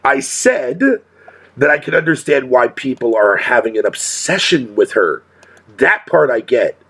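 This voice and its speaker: A man's voice: medium pitch, lively intonation, unhurried, fairly bright tone, slightly rough. A male streamer talking casually to his chat in a profane rant, swearing constantly and laughing often.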